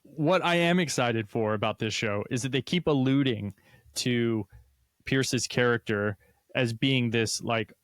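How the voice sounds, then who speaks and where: A man's voice: mid-range voice, unhurried, no room sound. Male podcast co-host, easygoing and agreeable, medium voice, dry studio sound. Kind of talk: casual chat.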